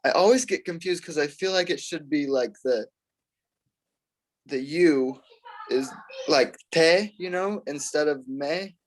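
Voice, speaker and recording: Brief: male student, slow and halting, fairly high voice, thinks out loud on a video call. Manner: hesitant, thinking out loud with fillers and laughs. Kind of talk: class participation.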